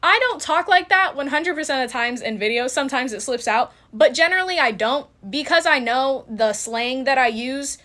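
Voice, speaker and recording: A young woman with a fairly high voice talks straight into a close camera. She is blunt and candid, and she slips slang into a casual Bible-study vlog. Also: expressive, normal speed, hardly any pauses, bright, forceful tone. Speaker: Christian content creator.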